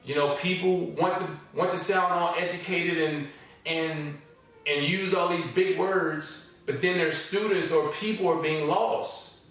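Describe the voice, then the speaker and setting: A man's voice: on the high side, steady tone, a little slow, a bit bright, heavy reverb, far from the mic, low-quality recording. A man teaching a forex trading course. He reads student testimonials aloud and comments on them in a casual, repetitive way, often checking in with "all right?" and "okay?".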